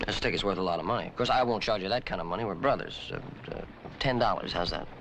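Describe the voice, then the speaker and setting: A man's voice: fairly low pitch, quick pace, a bit bright, a little hiss or hum, close to an everyday voice. An actor playing a sly young rancher who teases his older brother, laughing often. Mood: teasing.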